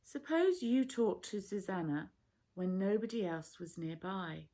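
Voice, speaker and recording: A calm, patient male teacher in a storybook reading, voiced by a woman. He explains things softly and unhurriedly, in a slightly gravelly tone. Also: medium pitch, unhurried.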